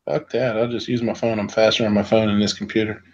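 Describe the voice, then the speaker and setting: A man's voice: on the low side, level tone, fast, a little mellow, dull audio, slight background noise. A man hosting a livestream, reading chat and chatting casually in a rambling, self-interrupting way. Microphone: online call setup, on a computer.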